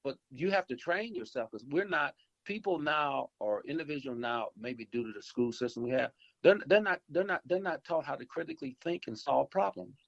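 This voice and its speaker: A man's voice: a little high, moderate pace, gravelly, no echo. A middle-aged man, an insurance agency owner and investor, giving rambling advice in a phone interview, with many repeats and restarts as he acts out calls with customers. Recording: dull lo-fi phone line.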